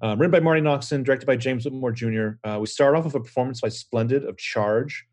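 A man co-hosting a podcast over a remote call, animated and quick to jump into side notes and trivia. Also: mid-range voice. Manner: animated, jumping into tangents and trivia. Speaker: podcast co-host. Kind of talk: casual chat. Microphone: remote call setup.

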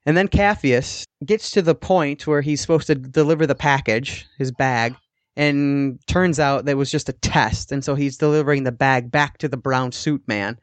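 A man's voice: medium pitch, moderate pace, no room sound. A man co-hosting a podcast, casually recapping a TV episode in a rambling way with the odd swear word. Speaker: podcast co-host.

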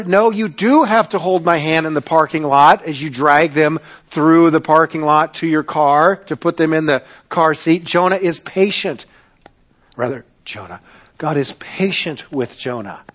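A man preaching a sermon in a conversational way, putting questions to the congregation. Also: high voice. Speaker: pastor.

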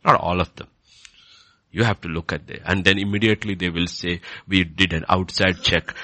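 A man preaching a sermon, passionate, moving from quiet asides to loud indignant outbursts. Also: low voice, dry recording.

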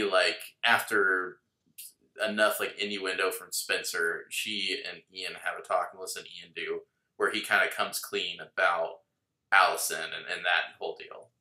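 A man co-hosts a podcast in easy, analytical chat, often laughing as he muses. His voice sits very low yet has a sharp, bright edge. The room gives it a noticeable echo. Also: moderate pace. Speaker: podcast co-host. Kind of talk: casual chat. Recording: roomy echo.

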